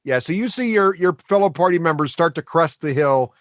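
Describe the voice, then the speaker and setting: A man narrating as game master of a tabletop game, animated and laughing, adding sound effects. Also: fairly high pitch, fairly quick, no room sound, studio quality.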